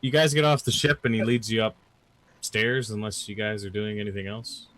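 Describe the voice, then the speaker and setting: A man acting as dungeon master, describing scenes in a loose, halting way with many fillers. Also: fairly low pitch, fairly even intonation, a bit bright, slight background noise. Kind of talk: narrating a tabletop game.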